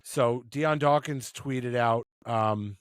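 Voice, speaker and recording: Guy cohosting a sports podcast, jokey, rambly, mid pitch, dry close sound. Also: slow pace, clean tone, dry recording. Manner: joking, rambling with restarts. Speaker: podcast co-host. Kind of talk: casual sports chat. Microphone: remote call mic.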